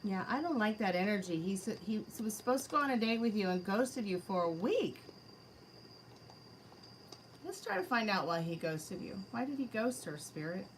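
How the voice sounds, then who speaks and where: A woman's voice: medium pitch, very animated, moderate pace, a little hiss or hum, rough recording. A woman giving a live-streamed tarot reading, chatting casually and addressing spirits and her chat directly. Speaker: tarot reader. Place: her home.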